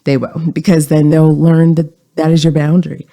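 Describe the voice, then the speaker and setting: Podcast host, mellow and a bit gravelly, calm coaching delivery. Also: mid-range voice, normal speed. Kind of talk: self-help podcast talk.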